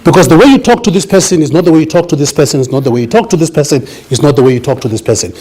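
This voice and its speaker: A man's voice: a little high, lively intonation, rapid-fire, a little mellow, husky. A man giving an emphatic business seminar lecture, often checking that the audience understands. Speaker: business speaker.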